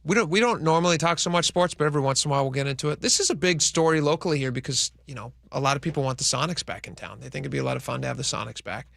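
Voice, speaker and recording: A man's voice: on the high side, rapid-fire, creaky, few pauses, fairly bright tone, no room sound, studio quality. A man co-hosting a radio talk show, chatting casually about sports and asking his co-host questions. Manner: conversational, asks co-host questions.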